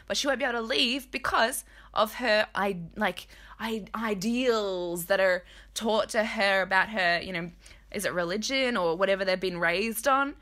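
A woman's voice: medium pitch, pushed and bright. A woman hosting a casual TV recap, talking in a candid, blunt, chatty way and swearing freely. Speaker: host.

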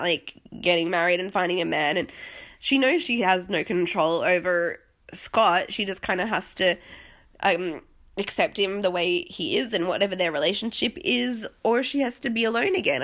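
A woman's voice: lowish voice, expressive, moderate pace, fairly bright tone. Young Aussie woman, casual recap host, rambling and self-deprecating, slightly sniffly voice. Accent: Australian. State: sniffly, voice failing.

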